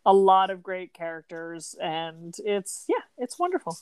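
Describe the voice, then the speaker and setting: A woman's voice: on the low side, sing-song, unhurried, clean tone, no room sound. A woman co-hosting a podcast in casual chat, filler-heavy and swearing casually, laughing often. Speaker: podcast co-host.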